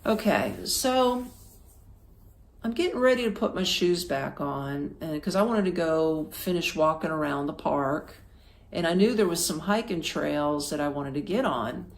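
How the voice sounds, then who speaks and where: A woman's voice: sits low, expressive, unhurried. A woman from Florida hosting a podcast, telling a travel story in a chatty, casual way, full of fillers and acted-out quotes. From Florida, United States. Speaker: podcast host.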